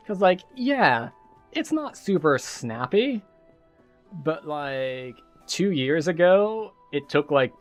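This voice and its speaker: A man's voice: medium pitch, a bit bright. A man casually commenting while he plays a game, rambling with lots of filler words. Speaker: game streamer.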